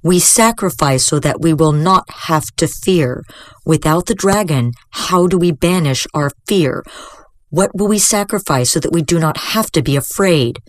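A woman voicing a stern, shaken old master priest who speaks slowly and harshly. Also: low voice, no echo, lightly acted. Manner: slow, harsh and grave.

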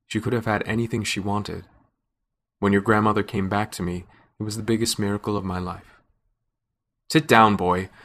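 A man reading a story aloud in first person, with measured, scripted narration. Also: on the low side, a bit bright.

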